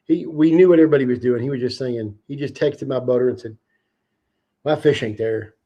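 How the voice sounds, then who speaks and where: A man hosting a livestream, telling a fishing story in a casual, animated and profane way. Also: medium pitch, brisk. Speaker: livestream host.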